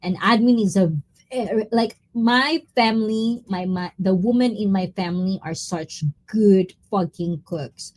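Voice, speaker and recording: A woman from the Philippines, chatting casually on a live stream, greeting viewers by name and easily getting excited and giggly. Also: mid-range voice, measured pace. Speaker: livestreamer reading chat.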